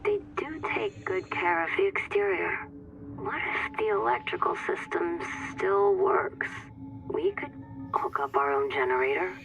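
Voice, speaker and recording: A curious crew member. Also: female voice, on the low side, big pitch swings, unhurried, fairly bright tone, highs cut off, soft background music, full character voice. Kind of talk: video game dialogue.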